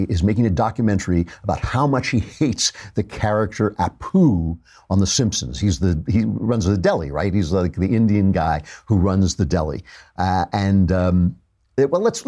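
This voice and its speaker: A man hosting a talk show speaks in a low, mellow voice with a husky grain. He rambles through an opinionated studio monologue and pokes fun at himself along the way. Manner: wry, digressive, self-mocking.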